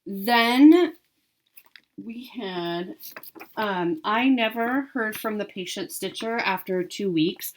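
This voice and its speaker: A woman vlogging about her cross-stitch haul and giveaways in a chatty, upbeat way with frequent ums. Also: medium pitch. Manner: chatty, upbeat, lots of ums and self-corrections. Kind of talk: casual chat to camera.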